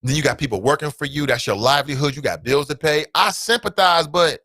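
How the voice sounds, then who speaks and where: A man hosting a talk show, ranting bluntly with real heat and some cursing. His voice is bright and forceful, a little higher than most men's, and it sounds dry and close with almost no room echo. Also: fairly quick. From United States. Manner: blunt, fired-up ranting with swearing. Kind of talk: opinionated solo commentary.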